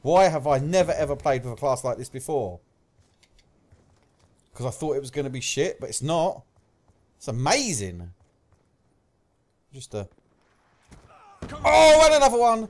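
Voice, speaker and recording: Excitable sweary gamer guy. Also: fairly high pitch, measured pace, pauses often. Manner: excitable, swears a lot, shouts at game events. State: slight cough. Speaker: gaming commentator. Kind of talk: live gameplay commentary.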